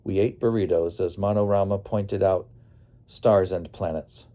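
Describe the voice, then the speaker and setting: A man narrating his memoir as an audiobook in a calm, wry storytelling manner. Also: low voice, measured pace. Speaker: narrator and bus driver.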